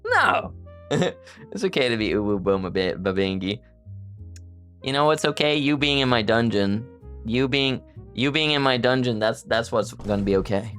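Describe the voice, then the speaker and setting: A woman's voice: rumbling low, animated, normal speed, a bit bright, soft background music. A woman streamer chatting casually on a live stream, playful and giggly, protesting in flustered bursts.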